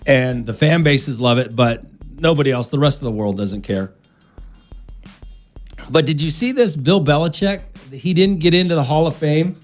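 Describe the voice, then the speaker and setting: A man hosting a morning radio show, talking in a relaxed, rambling way and laughing often. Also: fairly high pitch, moderate pace, faint music behind. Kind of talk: casual morning radio chat.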